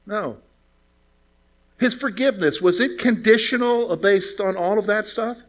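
Pastor preaching with rhetorical questions. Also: male voice, high voice, unhurried. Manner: conversational preaching with rhetorical questions, lively storytelling. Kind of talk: sermon.

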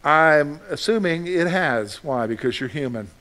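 Guy preaching to his church, pretty high voice, chatty and repeats himself, throws questions at the crowd. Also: expressive, a little slow, sharp tone. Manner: conversational, repeats phrases, asks the congregation questions. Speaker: pastor. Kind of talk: sermon.

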